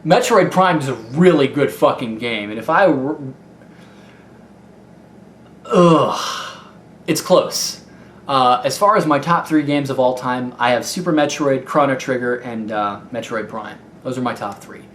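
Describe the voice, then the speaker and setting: Young Midwestern gaming vlogger, mid-pitched, chatty and unpolished, recorded in a slightly echoey room. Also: male voice, moderate pace, few pauses, a bit bright. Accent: Midwestern American. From Ohio. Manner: rambling, candid, many fillers and restarts. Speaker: YouTube gaming video maker. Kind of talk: casual Q&A vlog. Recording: echoey room with faint noise.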